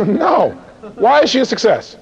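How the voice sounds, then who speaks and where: A man's voice: very high voice, wildly swooping pitch, measured pace, vocal fry. A man giving a live motivational seminar who acts out little dialogues and fires rhetorical questions at the audience. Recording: dull lo-fi recording.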